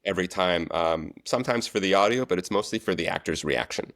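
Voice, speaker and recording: A man telling set stories as a guest, relaxed and chatty in a casual interview. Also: low-pitched, a little fast, no echo, studio quality. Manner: animated storyteller, relaxed and chatty. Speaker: guest, actor and stunt coordinator.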